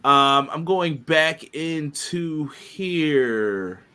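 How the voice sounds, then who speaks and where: A man's voice: on the high side, animated, extremely slow, pushed and bright, clear, resonant tone. A man co-hosting a casual podcast, chatting loosely and reading viewer comments aloud. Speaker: podcast co-host.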